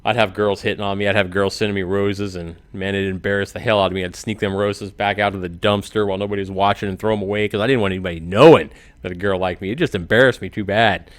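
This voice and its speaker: A man's voice: fairly low pitch, steady tone, fast, no echo. Joking, rambling man in his forties. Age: 40s. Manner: rambling, laughs at his own jokes. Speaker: YouTuber. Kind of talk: joking comedic monologue.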